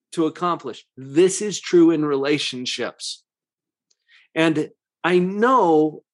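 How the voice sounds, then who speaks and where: A man hosting a parenting podcast, explaining calmly and slowing down to stress key words. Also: a little high. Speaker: parenting coach and podcast host. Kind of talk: podcast monologue.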